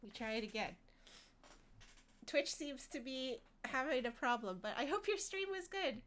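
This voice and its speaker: A woman's voice: high voice, lively intonation, normal speed, a bit bright, a little hiss or hum. A woman streaming a game with a stuffy nose from a cold, chatting casually with her viewers, with game music underneath. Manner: chatty, reads chat aloud, yelps when startled. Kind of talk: casual gameplay live stream.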